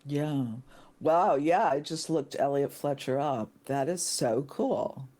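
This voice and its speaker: A woman in casual podcast chat, excitable and gushing, now and then shrieking with delight. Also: low voice, takes it slowly. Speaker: podcast guest.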